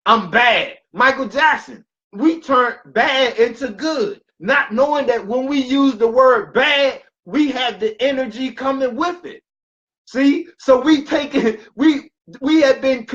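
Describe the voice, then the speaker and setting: A man's voice: very high-pitched, a bit bright, lo-fi sound. A man giving a motivational health talk as a wellness coach, preacherly and repetitive, with emphatic bursts.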